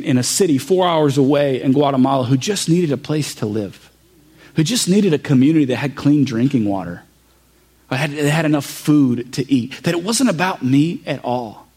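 A young adult man from the Saint Louis area giving an earnest, halting sermon testimony that builds to an impassioned close. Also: on the high side, darkish tone, husky. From Saint Louis area, Missouri. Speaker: pastor.

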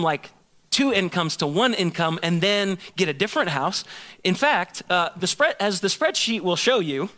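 A man's voice: a little high, pushed and bright. A man in his thirties, a pastor telling a self-mocking personal story in a sermon and acting out both sides of a conversation.

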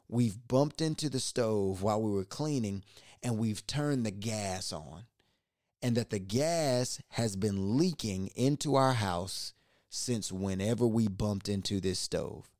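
A man hosting a podcast, lively as he retells a personal story and repeating words when excited. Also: fairly low pitch, no room sound, clean studio sound. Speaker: podcast host.

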